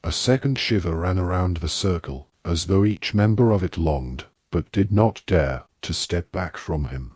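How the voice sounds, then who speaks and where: A man narrating a fantasy audiobook in a measured, dramatic storytelling manner. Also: low-pitched, lively intonation, darkish tone, slightly rough, no room sound, clean studio sound. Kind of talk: scripted narration.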